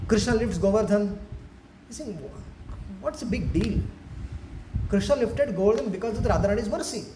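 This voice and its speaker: A man giving a devotional lecture in a temple hall, telling stories animatedly with frequent restarts. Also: high voice. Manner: animated storytelling, many restarts. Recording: echoey hall, faint noise.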